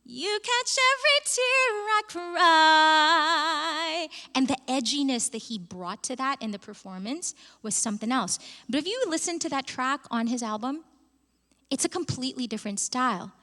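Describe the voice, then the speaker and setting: High-voiced woman vocal coach, expressive, talking to a live crowd in a reverberant hall. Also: brisk. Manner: expressive and chatty, addresses the room. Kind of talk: live workshop teaching. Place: conference hall with live audience.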